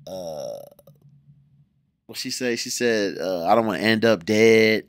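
40 yr old ohio guy ranting casually at his cam, gets loud then mumbles, dry close sound. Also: lowish voice, slow, dry recording. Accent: American, Ohio. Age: 40s. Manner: animated, swings between loud exclamations and muttered asides. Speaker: YouTube host reacting to a music video. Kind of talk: casual reaction commentary.

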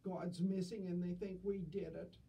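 Woman as a frightened young boy, mellow tone, distant recording. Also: on the low side, little pitch movement, normal speed, vocal fry, dull audio, a little hiss or hum. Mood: worried.

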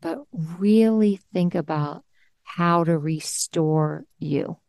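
A woman hosting a video-call conversation, talking in an earnest, encouraging way and gently giving advice. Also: fairly low pitch, slow, no room sound, studio quality. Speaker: host.

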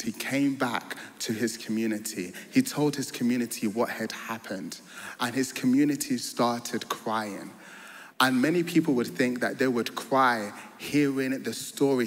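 Man preaching, earnest storyteller, mid pitch, long church hall reverb. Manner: earnest, storytelling, rises to joyful emphasis. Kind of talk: sermon.

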